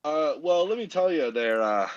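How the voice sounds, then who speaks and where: A man's voice: on the high side, expressive, moderate pace, no room sound, lo-fi sound, lightly acted. A man voicing a boastful, folksy adventurer and author who rambles chummily. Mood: chummy.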